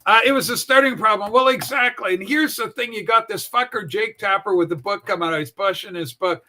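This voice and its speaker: A man hosting a casual political talk livestream, brash and profane, with animated storytelling. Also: sits high, fairly quick. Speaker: political talk show host. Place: home room with a Star Trek shrine.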